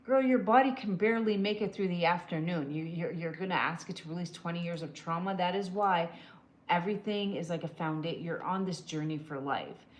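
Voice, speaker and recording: Woman, livestream host, casual advice chat, direct, calls viewers "my love", lowish voice, roomy echo. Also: brisk. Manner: answers viewer comments live. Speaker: livestream host doing emotional scans. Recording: echoey room.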